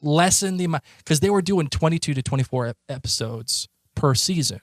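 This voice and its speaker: A man with a Boston accent, co-hosting a podcast in a rambling, excitable casual chat. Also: on the high side, a little fast, dry recording, clean studio sound. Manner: rambling, excitable, many restarts. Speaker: podcast co-host.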